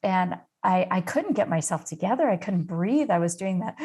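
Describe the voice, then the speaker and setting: A middle-aged woman from the United States tells a personal story as a podcast guest. Her voice sits a little low, and she talks in an unhurried, reflective way with the odd "um". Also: lively intonation, breathy edge. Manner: warm personal storytelling with fillers. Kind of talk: storytelling in an interview.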